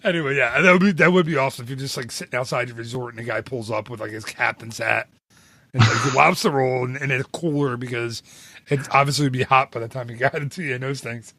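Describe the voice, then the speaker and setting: A man's voice: mid-range voice, fast, bright, forceful tone, no room sound. A man co-hosting a travel podcast, chatting casually in an enthusiastic, rambling way. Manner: enthusiastic, rambling, laughs often. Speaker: podcast co-host. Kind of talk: casual chat.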